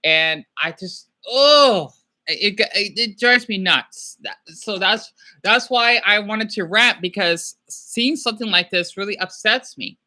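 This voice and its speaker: A man hosting a casual livestream, rambling and excitable, often apologizing as he talks. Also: sits high, slow pace. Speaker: livestream host.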